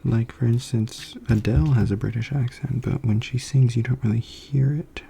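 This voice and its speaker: A young man rambles in soft-spoken ASMR, meandering and full of fillers. His voice is very dark and gravelly. There is a faint hiss behind him. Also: medium pitch, steady tone, moderate pace. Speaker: ASMR creator.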